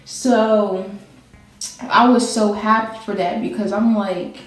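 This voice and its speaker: A woman's voice: medium pitch, fairly even intonation, slow pace. A young woman telling a personal story in casual chat, rambling and laughing as she goes. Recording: very echoey room with faint music.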